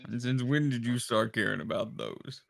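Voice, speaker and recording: A man's voice: mid-range voice, moderate pace, vocal fry, no echo, clean studio sound. A man playing a tabletop game, chatting and joking with his group. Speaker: player. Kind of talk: casual tabletop game chat.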